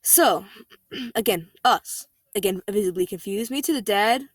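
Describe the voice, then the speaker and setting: A woman's voice: mid-range voice, a little slow, no echo. A woman reading an online story aloud in a casual, chatty way, breaking into exasperated rants full of "like". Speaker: story reader.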